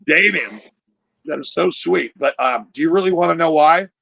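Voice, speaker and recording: A man voicing a blunt, foul-mouthed middle-aged mother in a stand-up story, in his own gravelly voice. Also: fairly high pitch, moderate pace, a bit bright, no room sound, full character voice. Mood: sweet. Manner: frank, crude, matter-of-fact.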